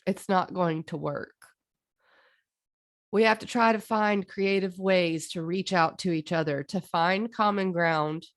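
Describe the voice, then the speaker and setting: Earnest woman with a gravelly edge. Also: lowish voice. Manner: earnest and impassioned, with emphatic drawn-out phrases. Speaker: astrologer. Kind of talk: heartfelt monologue on astrology.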